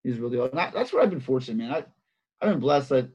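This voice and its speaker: Male wrestling coach, mid pitch, slightly husky, chatty and animated. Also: rapid-fire. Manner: animated, repeats phrases, many fillers. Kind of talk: casual interview storytelling. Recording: dull lo-fi sound.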